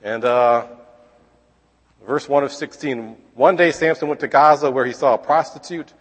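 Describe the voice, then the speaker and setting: A man leads a relaxed Bible lesson, moving between reading scripture aloud and retelling it in his own casual words. He keeps checking in with his listeners and drops in wry comments along the way. His mid-pitched voice carries a long, trailing reverb, as if he were speaking in a large hall. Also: moderate pace. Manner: conversational, checks in with listeners with frequent "okay?". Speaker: Bible teacher.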